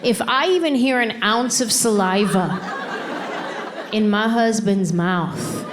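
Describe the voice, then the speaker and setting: A middle-aged woman doing stand-up comedy on stage through a handheld mic, telling her stories in an exasperated, animated, playful way. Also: on the high side, slow, noisy background. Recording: live comedy show with laughing crowd. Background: audience laughter and applause.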